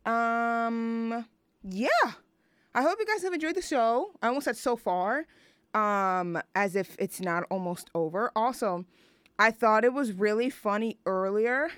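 A woman's voice: on the high side, measured pace, a bit bright, clear, resonant tone, no echo, studio quality. A young woman hosting a radio show, chatting casually and rambling between songs with lots of fillers.

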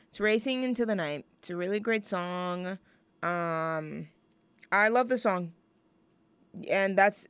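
A woman's voice: medium pitch, clear, resonant tone, dry recording. A young woman hosting a student radio show, chatting casually between songs in a rambling, self-deprecating, jokey way. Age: young adult.

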